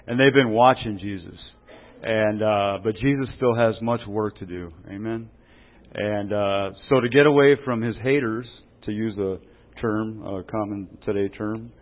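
A man preaching a sermon in a folksy, joking way, often asking "Amen?" as he teaches. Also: medium pitch. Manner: jokey, chuckles at his own stories. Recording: tinny phone-like recording.

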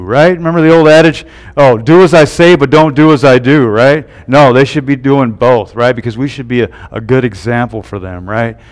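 A man preaching a sermon from the pulpit. His voice is smooth and resonant, sitting in a middle pitch, and he keeps punctuating his points with "right?" and "amen?" to draw in the congregation. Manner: tags lines with "right?" and "amen?". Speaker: pastor.

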